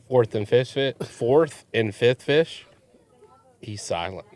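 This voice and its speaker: Animated man telling a fishing story. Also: mid-range voice, slow, long pauses. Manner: animated, acts out quoted voices. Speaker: charter fishing captain. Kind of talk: casual storytelling chat.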